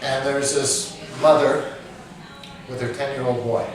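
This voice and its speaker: A man's voice: mid-range voice, steady tone, measured pace, distant mic. Casting note: man from Nova Scotia, easygoing storyteller, off-mic in a noisy echoey pub. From Nova Scotia, Canada. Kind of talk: casual storytelling. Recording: echoey pub, off-mic, busy crowd behind.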